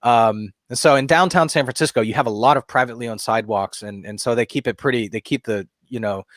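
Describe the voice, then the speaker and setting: A man's voice: medium pitch, a bit bright, no room sound. Rambling male podcast co-host, dry sound. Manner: rambling storyteller, many fillers and restarts. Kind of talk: casual podcast chat.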